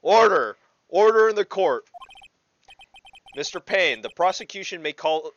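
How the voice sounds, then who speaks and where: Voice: medium pitch, big pitch swings, moderate pace, a bit bright, highs cut off, pitched above the performer's own voice. Fan dubber doing a stern old judge.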